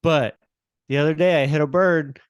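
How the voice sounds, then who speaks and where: Smooth-voiced man telling anecdotes. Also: fairly high pitch, fairly even intonation, no echo, clean studio sound. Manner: storytelling, measured, asks questions. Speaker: podcast co-host. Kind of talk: casual chat.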